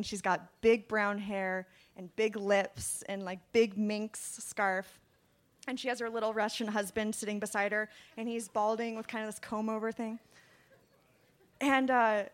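A young woman in her twenties tells a personal story in a medium-pitched voice. Her delivery is lively and conversational. Now and then she drops into a hushed, whispered aside. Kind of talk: personal story told to an audience.

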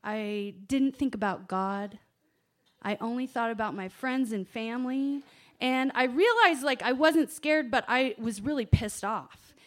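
A woman telling a personal story to an audience, animated, swinging from hushed asides to loud exclamations. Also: fairly high pitch, a little slow. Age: adult parent.

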